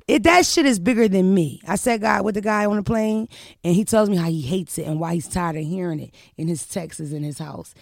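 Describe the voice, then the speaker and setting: A young woman tells her story on her podcast. She is brash and profane and keeps the talk animated. Her voice has a gravelly fry, and the recording is dry and close. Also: lowish voice, no echo. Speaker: podcast host. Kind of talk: casual storytelling chat.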